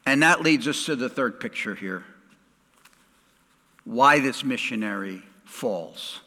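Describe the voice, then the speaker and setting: A middle-aged male pastor preaching a sermon, swinging dramatically from loud to hushed. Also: medium pitch, slightly rough, long reverb tail.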